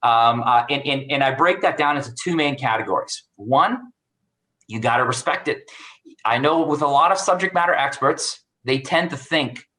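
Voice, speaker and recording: Man, expert guest on a video call; bright, punchy delivery, animated storyteller. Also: medium pitch, normal speed, rough recording. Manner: animated, acts out quoted dialogue. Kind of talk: storytelling career advice.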